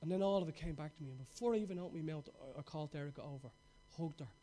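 Very fast and on the high side, a middle-aged preacher's voice carries a passionate sermon built on stories, rising into loud outbursts and then dropping to a hush.

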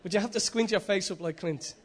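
High-voiced preacher. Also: male voice, brisk. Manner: emphatic, repeating key phrases. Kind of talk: sermon.

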